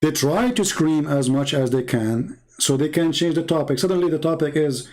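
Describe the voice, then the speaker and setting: A man speaking somewhat high for a male voice, hosting a livestream from home. He taunts and mocks in a sarcastic tone and hammers his points by repeating them. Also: normal speed, few pauses, darkish tone. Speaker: livestream host. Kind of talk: mocking livestream commentary. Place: home setup streaming online.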